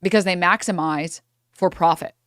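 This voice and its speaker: A woman's voice: fairly low pitch, normal speed, no room sound. Woman, young adult, streamer, angry profane rant, bursts of laughter, dry sound. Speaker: streamer reacting to a clip. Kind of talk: angry reaction commentary.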